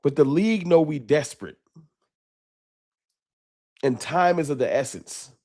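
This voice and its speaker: A man's voice: a little high, animated, a little slow, darkish tone, dry recording, clean studio sound. A man hosting a late-night sports fan livestream, talking off the cuff with emotion and slang. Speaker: sports fan show host.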